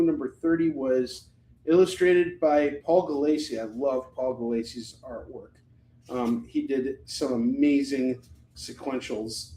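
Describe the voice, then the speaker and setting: A man's voice: mid-range voice, mellow, a little hiss or hum. Chatty man selling comics in an echoey room. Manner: chatty and rambling, jokey asides. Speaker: live-stream comic book seller. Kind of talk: casual live sales chat.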